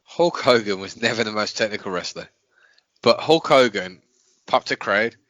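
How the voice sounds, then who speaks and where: A man's voice: lowish voice, lively intonation, moderate pace, a bit bright, no echo, rough recording. A man co-hosting a podcast, blunt and emphatic in his opinions. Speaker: podcast co-host. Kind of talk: casual podcast chat.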